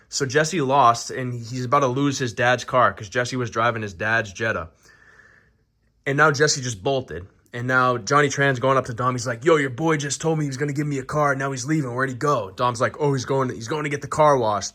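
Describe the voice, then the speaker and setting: A young man talks his way through a film recap in a loose, rambling style, cursing freely and stopping to restart his thoughts. His voice has a bright, forward edge and sits at an average pitch for a man. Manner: rambling, profane, conversational. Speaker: movie reviewer. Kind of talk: casual movie recap commentary.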